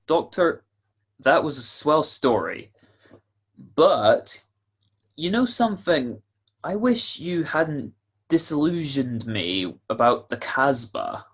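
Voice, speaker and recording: An actor playing a jovial male announcer of an old-time radio show, with a husky voice and folksy, salesman-like patter. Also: on the high side, very animated, slow, long pauses, exaggerated voice. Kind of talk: 1940s radio acting.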